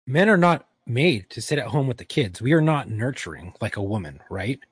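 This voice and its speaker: A man's voice: medium pitch, big pitch swings, moderate pace, slightly rough, no echo. A man co-hosting a podcast in a brash, heavily profane way. He tells stories from his past in casual, blunt banter. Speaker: podcast co-host.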